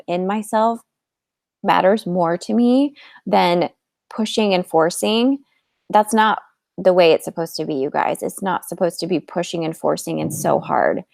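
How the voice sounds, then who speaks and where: A woman's voice: fairly low pitch, measured pace, gravelly, a little mellow, no room sound, studio quality. A woman coach telling her own story to viewers in a candid, chatty way, with many "like"s. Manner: candid, chatty, heavy use of "like". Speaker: fertility coach. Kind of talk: casual personal storytelling to viewers.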